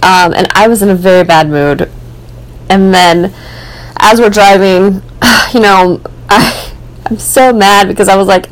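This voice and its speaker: A woman's voice: medium pitch, measured pace, low-quality recording. A young American woman, host of the show, telling a personal story in a candid, rambling way full of "like" and "um". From United States. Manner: candid, rambling, many fillers and "like".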